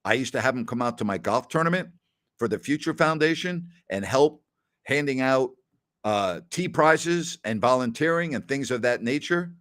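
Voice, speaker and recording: A man's voice: mid-range voice, lively intonation, moderate pace, fairly bright tone. A middle-aged man hosting a casual question-and-answer show, chatty and given to anecdotes with quoted dialogue, often saying "absolutely". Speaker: host answering listener questions. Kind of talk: casual Q&A storytelling.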